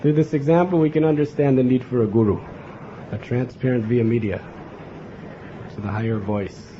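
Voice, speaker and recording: A man's voice: medium pitch, steady tone, normal speed, background noise. A man giving a devotional lecture, earnest and often turning to the audience with a questioning "huh?". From America. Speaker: spiritual teacher giving a lecture. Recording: dull lo-fi lecture recording with faint ambience.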